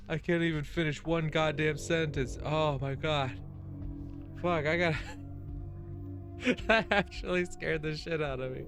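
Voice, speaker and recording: A man's voice: on the high side, steady tone, unhurried, pauses often. A man hosting a let's play, reading a visual novel's text aloud and reacting with frequent swearing and laughter. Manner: swears freely, laughs, reacts loudly to scares. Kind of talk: casual gaming commentary and reading game text aloud. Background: game music.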